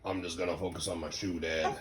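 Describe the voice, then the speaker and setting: A dad doing a deadpan, chill toddler dude. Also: male voice, lightly acted. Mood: mellow. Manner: slow, low, deadpan drawl. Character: laid-back toddler boy talking like a dude. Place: outdoor patio.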